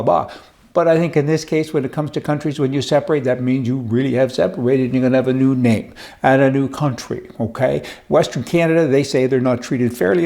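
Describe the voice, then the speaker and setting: Folksy joking man with a mellow voice. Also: medium pitch. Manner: folksy, joking, opinionated ranting. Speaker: political commentator. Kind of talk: casual opinion monologue with jokes.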